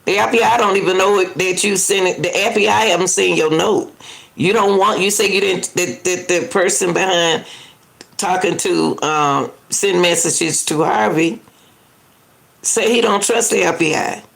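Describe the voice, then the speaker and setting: Talking at a moderate pace in a gravelly, lowish voice, this woman does live reaction commentary on a news clip. She's indignant, argues with the footage, repeats herself, and stays casual and chatty as she speaks directly to viewers.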